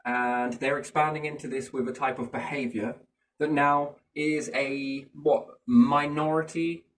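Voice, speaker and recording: A man's voice: medium pitch, steady tone, unhurried, fairly bright tone. A man musing in a casual chat, rambling from thought to thought and often asking rhetorical questions. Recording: voice a bit far from the mic.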